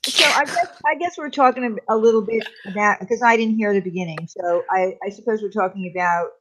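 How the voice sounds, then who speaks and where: A woman's voice: mid-range voice, brisk, a bit bright, slight background noise, low-quality recording. A woman joining a casual online panel as a guest, talking hesitantly with lots of fillers. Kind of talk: casual group chat.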